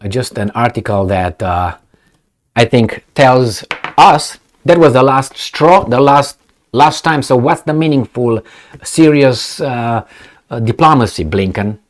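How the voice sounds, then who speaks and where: A man's voice: medium pitch, slow. A man giving a heated political commentary, cursing, with frequent fillers and restarts. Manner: animated, heated, profane, many fillers and restarts.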